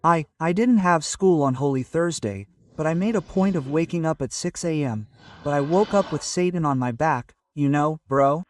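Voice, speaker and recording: A man's voice: on the high side, moderate pace, no echo, far from the mic. Man, stand-up storytelling. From Northeast Brazil. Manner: animated storytelling with frequent tag questions. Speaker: stand-up comedian. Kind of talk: stand-up comedy set. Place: stage in front of a live audience.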